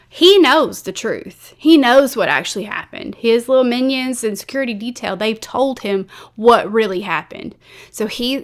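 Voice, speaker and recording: A woman host tells a true-crime story in a loose, chatty way, full of fillers and restarts. She speaks at a middle pitch, blunt and openly emotional about what she describes. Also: a bit bright. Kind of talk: casual storytelling to camera.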